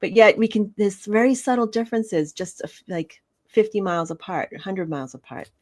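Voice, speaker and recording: A woman, co-hosting a live stream, giving gentle, rambling intuitive card readings. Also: medium pitch, a little fast. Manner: gentle, rambling with fillers and restarts. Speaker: intuitive reader, co-host.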